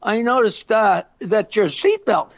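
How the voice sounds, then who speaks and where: A woman voicing a calm male traffic cop who speaks slowly with hesitations. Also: mid-range voice, highs cut off, pitched below the performer's own voice, lightly acted. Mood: deadpan. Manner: slow, halting.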